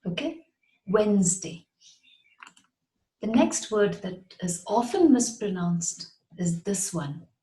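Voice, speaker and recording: Slow, patient woman teaching pronunciation. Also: medium pitch, big pitch swings, warm tone, roomy sound, low-quality recording. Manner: patient, repeats words slowly and clearly. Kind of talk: slow, deliberate pronunciation lesson.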